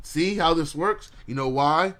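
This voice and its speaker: A man's voice: a little high, a little slow, fairly bright tone. Profane ranting male podcast host. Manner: blunt, profane, ranting, laughs at own jokes. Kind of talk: loose ranting monologue to a live chat.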